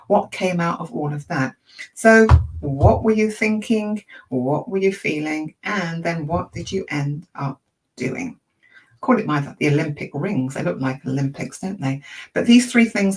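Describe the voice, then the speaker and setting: A woman coaching an online audience in a chatty, encouraging way, with a croaky throat and lots of rhetorical questions. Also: fairly low pitch, recorded from a distance, poor audio. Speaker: emotional intelligence coach. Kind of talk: informal teaching talk to an online audience.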